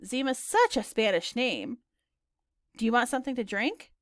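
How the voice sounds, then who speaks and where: A woman's voice: fairly high pitch, big pitch swings, normal speed, no echo. A woman voicing a confident, well-traveled young girl with dry, lightly sarcastic humor in a storybook reading. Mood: breezy.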